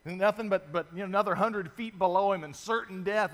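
A man preaching a sermon, his voice pitched a little high for a man and carried by the long reverb of a large hall. He moves between animated storytelling, where he acts out the voices of the people in his stories, and steady reading of scripture. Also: a little fast, few pauses. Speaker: pastor.

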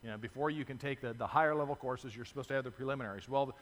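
Animated preacher in a reverberant hall. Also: male voice, mid-range voice, racing. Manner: animated storytelling, acts out voices in stories. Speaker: pastor. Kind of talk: sermon.

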